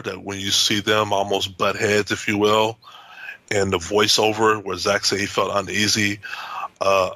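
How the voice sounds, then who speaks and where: A man's voice: fairly low pitch, sharp tone, no room sound. A man, a house owner being interviewed, telling his story in a rambling way with many restarts and acted-out quotes.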